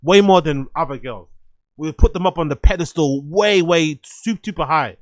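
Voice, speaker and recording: Male host, loose live-stream commentary, a touch high-pitched, dry sound. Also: normal speed, no room sound. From London. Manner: animated, swears freely, laughs often, repeats phrases.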